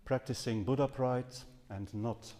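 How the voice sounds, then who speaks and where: A man's voice: mid-range voice, steady tone, a little slow, mellow. A man giving a Buddhist dharma talk to a live audience, speaking earnestly with some hesitations and self-corrections. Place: seminar house hall. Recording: long reverb from a hall.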